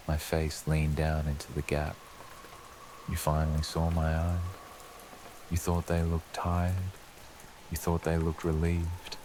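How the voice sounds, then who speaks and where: A man narrating a scripted horror story for sleep, telling it slowly and ominously as a lurking presence speaking to the listener. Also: rumbling low, a little mellow, slight background noise.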